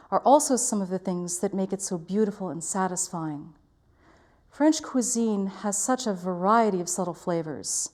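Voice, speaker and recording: Woman voice teacher, warm mellow tone, careful precise articulation. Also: medium pitch. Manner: clear, careful articulation, demonstrating vowels. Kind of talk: diction lesson.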